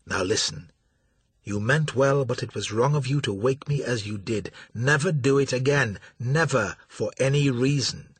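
A cold, menacing pale stranger, as a man puts him on, speaking low, slow and formal. His voice drops into a husky hush. The sound is close and dry. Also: no echo. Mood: stern.

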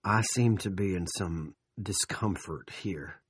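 A domineering older town boss, low and controlled, with menace under the calm as a man plays him. The voice is husky and grainy. It is storybook narration. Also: moderate pace, no room sound, studio quality, lightly acted.

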